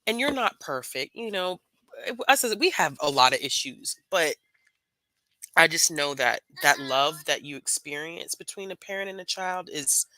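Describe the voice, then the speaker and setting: A woman, a mother on a video call panel, talking with deep emotion and trying not to cry. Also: animated, normal speed, pushed and bright, no room sound, poor audio. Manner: emotional, fighting tears, laughing through it. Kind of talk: heartfelt casual panel talk.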